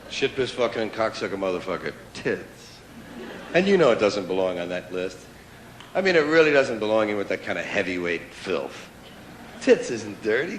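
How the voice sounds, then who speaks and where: A man performing a stand-up comedy routine, riffing and mock-indignant, with sudden loud outbursts, recorded live on stage. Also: mid-range voice, noisy background. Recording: old live recording, roomy hall with audience laughter. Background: audience laughter.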